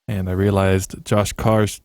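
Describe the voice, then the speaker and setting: A man's voice: deep voice, flat delivery, takes it slowly, a little mellow, clean tone, no echo, clean studio sound. A man co-hosting a podcast, telling playful comic stories in a casual chat. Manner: jokey storyteller, playful with bits. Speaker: podcast co-host.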